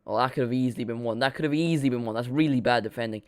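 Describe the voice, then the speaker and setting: A man's voice: mid-range voice, very fast, no echo. Chatty man calling a match live. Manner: chatty and excitable, jokes about himself. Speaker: live watchalong streamer. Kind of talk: casual play-by-play commentary.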